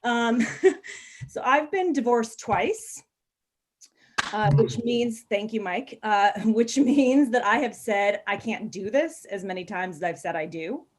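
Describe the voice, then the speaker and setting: Woman comic, kinda high voice, bawdy stories, lots of ums and giggles. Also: animated, slow pace, a little hiss or hum. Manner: frank, bawdy storytelling with lots of ums and laughs. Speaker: stand-up comedian. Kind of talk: stand-up set on a live video call.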